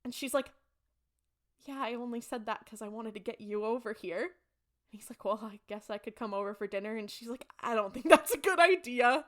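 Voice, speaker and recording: A woman's voice: a little high, fairly even intonation, brisk. A young adult woman co-hosting a podcast, animatedly retelling an episode and acting out the characters' lines. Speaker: podcast co-host. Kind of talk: casual chat recapping a TV episode.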